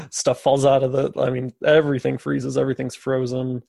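A man's voice: medium pitch, steady tone, normal speed, vocal fry, darkish tone, no echo. A man co-hosting a podcast, retelling a story in casual chat with jokey, sarcastic asides. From USA. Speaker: podcast co-host.

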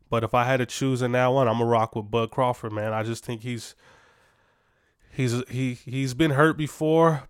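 A man's voice: medium pitch, clean tone, no room sound, clean studio sound. A man hosting a sports podcast, giving casual, opinionated takes with lots of fillers and restarts.

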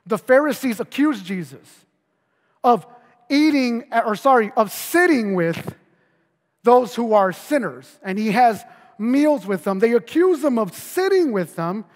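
Male pastor, very high voice, earnest sermon delivery with restarts, echoing hall. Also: animated, unhurried. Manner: earnest preaching, many repeated words, drops low and quiet for emphasis.

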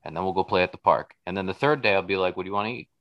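A man's voice: sits low, racing, highs cut off. A middle-aged man in a casual podcast conversation, blunt and profane, acting out little bits of dialogue as he tells stories. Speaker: podcast guest.

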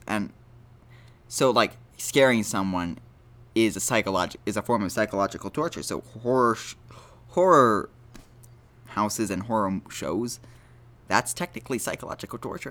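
A man's voice: on the low side, fairly bright tone. Rambling, self-deprecating man podcasting solo. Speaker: podcast host. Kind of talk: casual solo podcast monologue.

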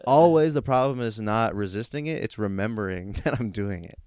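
A man's voice: lowish voice, expressive, brisk, crowd noise. A young man co-hosting a casual podcast, rambling and mocking himself. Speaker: podcast co-host. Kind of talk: casual chat.

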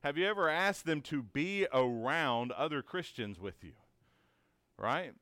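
A man's voice: a little high, expressive, unhurried, fairly bright tone, no echo. A man teaching a conversational Bible lesson in an earnest, encouraging way, asking many rhetorical questions and often checking in with "right?".

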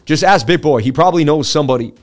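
A man hosting a live market-analysis stream, talking in a chatty, excitable way and turning to his viewers to answer chat between chart readings. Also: fairly high pitch, quick pace, soft background music. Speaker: livestream host.

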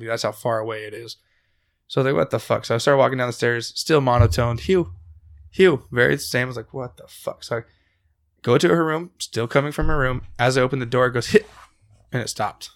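A young man hosting a casual podcast, telling a spooky personal story with lots of swearing. His voice sits mid-range for a man. He gets louder and more animated at the frightening moments. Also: mid-range voice. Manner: profane, animated when telling the scary parts. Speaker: podcast host.

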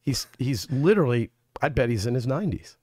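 A man's voice: mid-range voice, expressive, a little fast, darkish tone, no echo, clean studio sound. A man speaking as a Senate candidate in a casual political chat, an emphatic storyteller who quotes people in his anecdotes.

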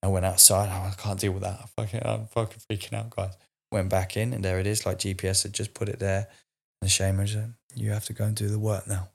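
A man's voice: lowish voice, level tone, quick pace, creaky, slightly rough. A man in his forties telling a raw, emotional personal story in a candid conversation, swearing freely. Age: 40s.

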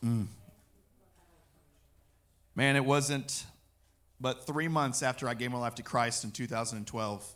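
A man preaching a personal testimony, telling his story in an animated way and acting out what he said. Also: medium pitch, measured pace, long pauses.

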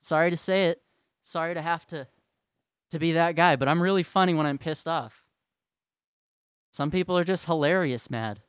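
A man's voice: a little high, moderate pace, pauses often, smooth, dry recording. A man ranting to his followers in a sarcastic, profane and rambling way. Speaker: vlogger. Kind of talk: profane rant to camera.

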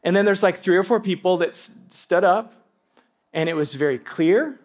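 High-voiced man preaching a sermon. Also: normal speed. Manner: animated storytelling with asides and laughter; speaks directly to the congregation. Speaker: pastor. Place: church before a congregation.

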